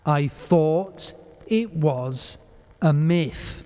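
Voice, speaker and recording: A man's voice: fairly high pitch, very slow, mellow, big-room sound. A man voicing a frightened, panicking teenage boy in a horror audiobook. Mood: scared. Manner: anxious, breathless.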